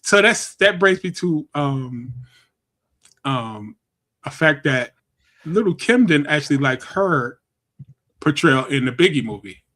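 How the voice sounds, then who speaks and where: A man's voice: on the high side, lively intonation, takes it slowly, pauses often, bright, forceful tone. A man from Brooklyn hosting a podcast, talking bluntly in casual gossip and laughing at his own takes. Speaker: podcast host. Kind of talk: casual chat.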